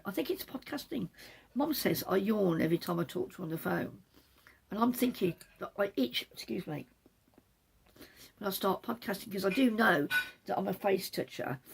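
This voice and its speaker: A woman hosts a knitting podcast from the back room of her home, where the patio door is open. She chats casually in a rambling, self-deprecating way and drifts off topic now and then. Her voice is medium-pitched, creaky and husky.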